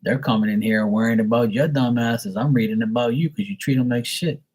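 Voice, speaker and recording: Husky-voiced man ranting casually. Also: mid-range voice, fairly even intonation, fairly quick, darkish tone. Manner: blunt, profane storytelling, slips into mocking voices. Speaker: live tarot reader. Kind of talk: casual monologue to a live stream.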